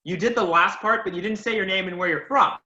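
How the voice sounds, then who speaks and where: A man's voice: high voice, fast talker, sharp tone. A man teaching a public speaking class, giving feedback and recapping the lesson in an encouraging, emphatic way. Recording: lo-fi echoey room audio.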